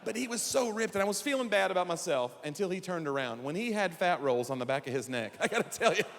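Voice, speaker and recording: A man's voice: sits high, fast talker, long reverb tail, slight background noise. A man in his forties doing stand-up comedy, acting out quoted voices as he talks. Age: 40s. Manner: animated, acts out quoted voices.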